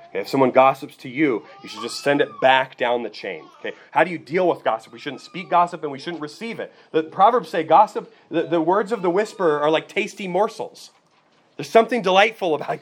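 A man delivers a sermon in a relaxed, conversational teaching voice at a middling pitch. He keeps turning to his listeners with quick checks like "okay" and "right" as he explains. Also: a little hiss or hum. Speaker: pastor.

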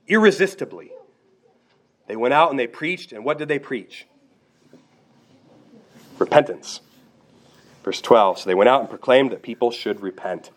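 A man's voice: mid-range voice, expressive, unhurried, pauses often. A man preaching a sermon, earnest and direct, asking his listeners rhetorical questions. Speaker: pastor.

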